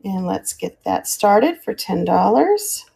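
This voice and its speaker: An older woman hosts a live sale and chats in a friendly, rambling way as she shows off each figurine. Her voice has a creaky, gravelly edge, and she pauses often to find the right word. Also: medium pitch, sing-song, dark tone. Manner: chatty, friendly, describes items while hunting for words. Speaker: live-stream auction seller. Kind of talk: casual live selling chat.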